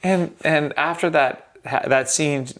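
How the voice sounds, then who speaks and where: A man talking as a guest in a casual movie review chat, relaxed and chatty. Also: a little high, takes it slowly.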